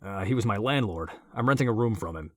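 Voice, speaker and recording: A man's voice: fairly low pitch, lively intonation, quick pace, a little mellow, dry recording, studio quality. A man voicing a tense, guarded young male police officer who gives short answers.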